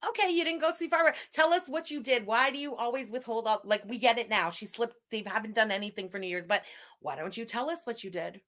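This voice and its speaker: Snarky lady commentary host, kinda high, really bright tone. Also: quick pace. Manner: mocking, sarcastic. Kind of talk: reacting to a livestream.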